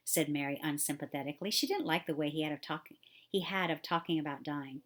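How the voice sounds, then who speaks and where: A woman reading a children's novel aloud in a gentle, expressive storytelling manner. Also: low voice, fast talker. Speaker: children's book reader.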